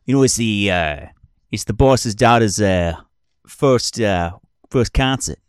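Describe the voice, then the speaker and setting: Guy doing a low-voiced sleazy weasel doorman, friendly slang, no room echo. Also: lively intonation, slow pace, clear, resonant tone, studio quality. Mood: chummy. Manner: slangy, friendly street talk. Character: shady male weasel-man doorman, chummy. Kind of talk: tabletop role-play voice.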